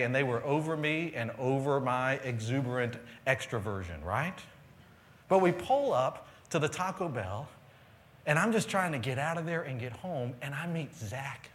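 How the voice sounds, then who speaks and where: A male pastor preaching a sermon to a live congregation, telling stories and swinging between loud excitement and quiet earnestness. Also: medium pitch, normal speed. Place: church sanctuary with live congregation.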